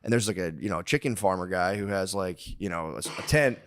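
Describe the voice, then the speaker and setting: A man's voice: low-pitched, brisk, clean tone. A man in his thirties, a comedian co-hosting a podcast, telling rambling, exasperated stories with a lot of swearing. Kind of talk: casual profane banter.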